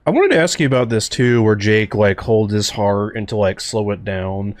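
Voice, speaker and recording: This man has a low voice and gives casual director commentary with eager, rambling energy, full of "like" and "you know." The sound is dry and close, with no room around it. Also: normal speed, no echo. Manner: excitable, rambling with many fillers. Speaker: series creator and co-host.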